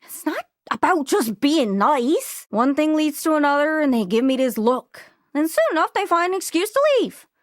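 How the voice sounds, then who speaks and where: A woman's voice: high-pitched, animated, moderate pace, few pauses, no echo, clean studio sound. A woman voicing a talking globe in a video game, rambling, awkward and self-deprecating, trailing off and apologizing as she talks. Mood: sheepish. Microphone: studio mic.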